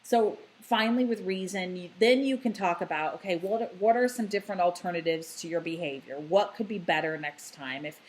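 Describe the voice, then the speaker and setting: A woman with a slightly low voice explains ideas about children in a calm, unhurried way. She speaks off the cuff and fills pauses with "you know" and "um." Her manner stays gentle and patient throughout. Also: poor audio. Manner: softens into a gentle, hushed voice when modelling words to a child. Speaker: child therapist giving parenting advice. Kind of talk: unscripted explanatory talk.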